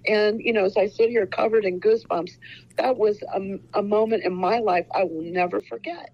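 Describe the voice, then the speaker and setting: A woman's voice: mid-range voice, fairly even intonation, normal speed, muffled recording. A woman in her sixties from Ohio, an author talking earnestly in a casual interview, rambling with many fillers. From Ohio, USA. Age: 60s. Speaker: author guest.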